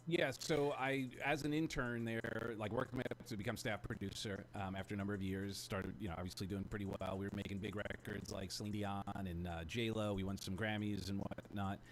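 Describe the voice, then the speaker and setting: A man being interviewed as a guest over a choppy remote call, telling stories in a relaxed, rambling way with fillers. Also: fairly low pitch, brisk, gravelly, hardly any pauses, a little hiss or hum. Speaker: guest, music producer. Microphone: remote video call link, choppy.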